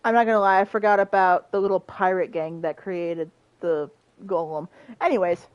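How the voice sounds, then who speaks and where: A woman's voice: on the low side, steady tone, normal speed, no room sound, highs cut off. A woman chatting casually while playing a video game, full of "like" fillers. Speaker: gamer. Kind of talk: casual gameplay chat.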